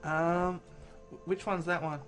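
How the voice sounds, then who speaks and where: A man's voice: a little high, steady tone, measured pace, fairly bright tone, soft background music. A young American man hosting a gaming video, chatting casually and teasing his guest. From United States. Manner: teasing and playful. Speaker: gaming channel host.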